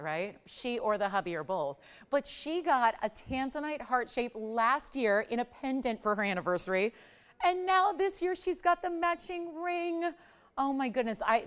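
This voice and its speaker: A woman's voice: mid-range voice, clean tone. A middle-aged woman hosting live TV jewelry sales, chatty and gushing in an upbeat sales patter. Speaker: shopping channel host. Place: TV studio.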